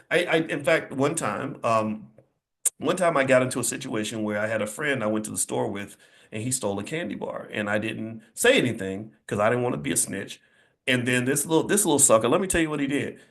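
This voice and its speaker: A finance speaker gives a motivational talk to a live audience in an indoor event space. His mid-range voice is animated, fairly quick, and a bit bright, and he's emphatic and preachy, repeating phrases for punch.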